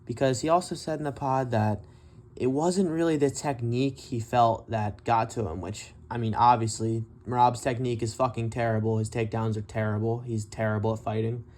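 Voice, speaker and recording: A man's voice: mid-range voice, fairly even intonation, a little fast, darkish tone. A man giving casual, profane commentary on a fight, blunt and mocking as he rants. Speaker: MMA commentary vlogger.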